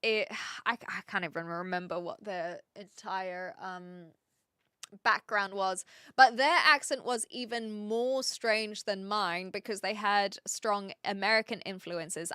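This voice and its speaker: A woman with a New Zealand accent chatting casually with viewers on a live stream, thinking aloud and often pausing to hunt for the right word. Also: mid-range voice, pushed and bright, clear, resonant tone, dry recording, clean studio sound.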